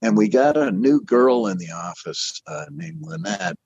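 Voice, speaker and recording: A man's voice: medium pitch, sing-song, unhurried, vocal fry, darkish tone, husky, no room sound, highs cut off. An older man telling his career story in a rambling, self-deprecating way, often restarting his sentences. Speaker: interview guest, animator. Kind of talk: casual storytelling.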